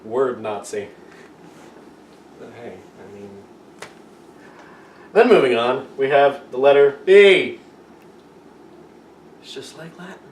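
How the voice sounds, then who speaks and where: A joking young man, an amateur video teacher, gives a casual lesson from far away from the mic in an echoey room with faint background noise. His mid-range voice is expressive and slow, with frequent pauses, and his manner is rambling, playful and self-mocking.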